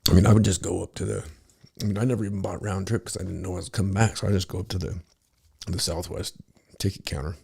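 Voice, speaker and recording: A middle-aged man tells a long story in a loose, profane monologue. His voice is deep and dark with a husky, gravelly texture, and he keeps stopping to restart his sentences. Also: level tone, fast. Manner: rambling, profane, with many restarts. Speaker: podcast host.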